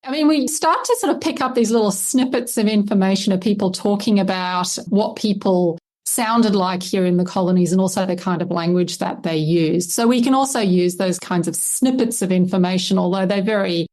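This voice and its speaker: A woman's voice: medium pitch, a little mellow. An Australian woman, a historian and lexicographer, explaining her research thoughtfully in a conversational interview, with many fillers.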